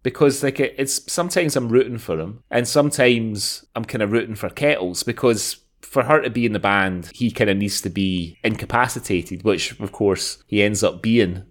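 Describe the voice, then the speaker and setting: A man co-hosting a podcast in casual, eager conversation. His voice sits low, and he talks in rushing bursts, restarting sentences as he goes. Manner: enthusiastic, chatty, frequent restarts. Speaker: podcast co-host. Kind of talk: casual chat.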